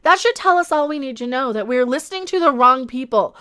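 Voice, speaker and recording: A woman's voice: sits high, expressive, brisk, sharp tone, clear, resonant tone. A woman hosting a livestream, ranting with passion about online mobs and reading viewer comments aloud. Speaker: livestream host.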